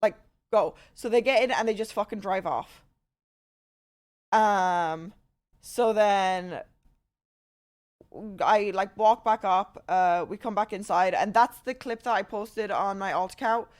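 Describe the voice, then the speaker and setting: A young woman streaming to her chat, rambling through a story with heavy swearing and animated retelling. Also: medium pitch, takes it slowly, pauses often.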